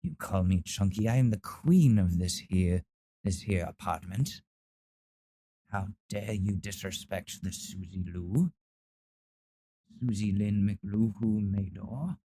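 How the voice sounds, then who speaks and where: A man's voice: lowish voice, slow, mellow, slightly rough, rough recording. A man voicing his haughty, indignant female pet cat who acts like queen of the apartment. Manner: offended, imperious, threatening.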